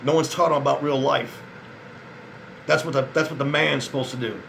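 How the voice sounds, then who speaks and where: His voice is mid-range and a bit bright, fairly quick and fairly even in intonation, with vocal fry over slight background noise. Worn out, he vlogs to male viewers in a casual monologue to camera, rambling, hopping between thoughts and swearing often, frustrated, disappointed and resigned.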